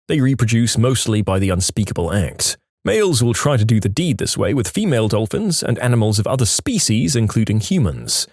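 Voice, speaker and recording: A man reads internet posts with a wry, joking edge, his voice lively and full of swoops. The sound is dry and close, with no room around it. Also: medium pitch, no echo. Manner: wry, animated delivery with sarcastic asides. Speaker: narrator reading online posts. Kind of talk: reading posts with comments.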